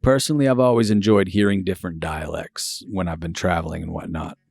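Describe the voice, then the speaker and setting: A man from Maine hosting a podcast, introducing a segment in a relaxed, conversational way. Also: sits low, dry recording, clean studio sound. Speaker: podcast host. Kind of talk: scripted intro and interview chat.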